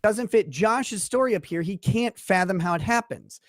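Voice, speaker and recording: A man's voice: sits high, normal speed, no room sound, clean studio sound. A man in a played stream clip, talking about someone in a dismissive, condescending, breezy way. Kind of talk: casual stream monologue.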